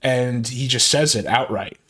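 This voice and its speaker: A man's voice: mid-range voice, a little slow, fairly bright tone, breathy edge. A man giving sarcastic reaction commentary over a podcast clip, laughing often as he mocks it.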